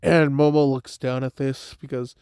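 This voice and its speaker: A man's voice: mid-range voice, fairly even intonation, normal speed, a little mellow, clear, resonant tone, no room sound, clean studio sound. A young man casually retelling a made-up fan story, rambling with lots of filler words. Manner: rambling, heavy "like" and "type shit" fillers.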